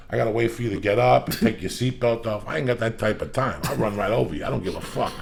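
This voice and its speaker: Podcast host, male, gravelly, swears constantly in loud comic tirades. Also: lowish voice. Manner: loud, profane, ranting. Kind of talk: profane comedic rant.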